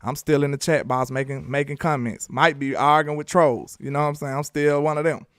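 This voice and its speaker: Southern man, casual sports talk, playful trash talk, smooth voice, dry close sound. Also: fairly high pitch, fairly quick, dry recording. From Alabama. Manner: animated, playful, talks trash. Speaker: sports commentator.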